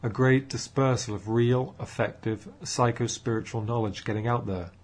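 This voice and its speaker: A man's voice: medium pitch, steady tone, moderate pace, lightly acted. A man reading an audiobook, voicing an eager, upbeat young man rousingly addressing a room. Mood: enthusiastic. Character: young male group leader, eager and upbeat.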